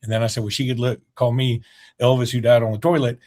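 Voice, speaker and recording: A man, co-hosting a casual sports podcast, animated and jokey. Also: mid-range voice, fast. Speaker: podcast co-host.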